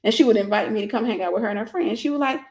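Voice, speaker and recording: A woman minister in her forties, speaking fast in a medium-pitched voice, tells a personal story during a casual livestream sermon and greets viewers by name.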